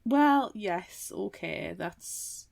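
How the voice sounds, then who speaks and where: A woman co-hosting a podcast, chatting casually about books and giving measured, thoughtful opinions. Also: mid-range voice, expressive, gravelly, a little mellow, no room sound. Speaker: podcast co-host. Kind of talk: casual book-club chat.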